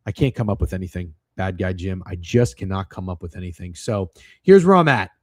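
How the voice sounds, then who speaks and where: Excitable, profane man hosting a betting stream. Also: deep voice, brisk, dry recording, clean studio sound. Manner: excitable, profane, rambling with many restarts. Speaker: sports betting show host. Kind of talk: casual sports betting livestream chat.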